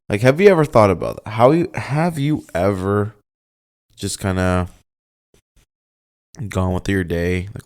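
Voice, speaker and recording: A man's voice: on the low side, creaky, a little mellow. A man hosting his own show alone, rambling and searching for words, a little emotional with a slightly off voice. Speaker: podcast host. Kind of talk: casual solo monologue.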